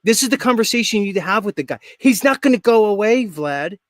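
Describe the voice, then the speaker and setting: A man's voice: sits high, lively intonation, fast, no echo, studio quality. A man hosting a live stream show, talking in a brash, joking, rambling way. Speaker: host. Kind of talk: casual live stream chat.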